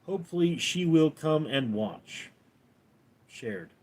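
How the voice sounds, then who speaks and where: Man with a lively voice reading chat. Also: fairly high pitch, slow pace. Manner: reads viewer comments aloud and answers offhand, deadpan. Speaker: livestream host reading chat. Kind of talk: casual livestream chat.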